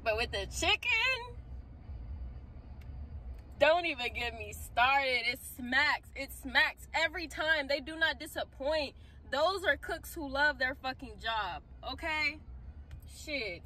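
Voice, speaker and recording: A woman's voice: sits high, animated, takes it slowly, pushed and bright, a little hiss or hum. A woman vlogging casually to her viewers. She talks emphatically, repeats phrases and swears casually. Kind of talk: casual self-talk vlog.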